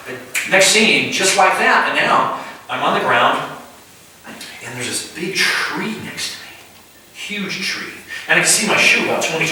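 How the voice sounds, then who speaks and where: Male preacher with a very bright, sharp tone, telling a story conversationally; recorded from a distance. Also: fairly high pitch, slight background noise. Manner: vivid first-person storytelling with halting restarts. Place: house church room. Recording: echoey room, distant mic.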